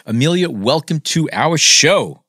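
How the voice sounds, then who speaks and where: A man's voice: a little high, animated, a little slow, bright, forceful tone, no echo, studio quality. A man hosting a podcast, introducing his guest and praising her work with enthusiasm. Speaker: podcast host. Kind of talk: podcast interview.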